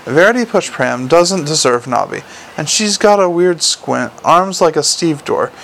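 A man's voice: a little high, animated, a little slow, creaky, fairly bright tone, a little hiss or hum, full character voice, rough recording. A man voicing a blunt, defensive young werewolf policewoman, clipped in manner.

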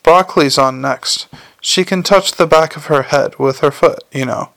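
A man's voice: on the high side, normal speed, gravelly, fairly bright tone, no echo. A man voicing a scruffy, chatty male watchman corporal who talks in a cheerfully matter-of-fact way in an audiobook. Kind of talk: audiobook character voice.

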